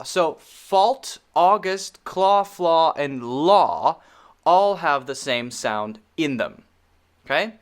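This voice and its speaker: A man with an American accent teaching a pronunciation lesson, drilling vowel sounds slowly and repeating each one. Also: fairly high pitch, animated.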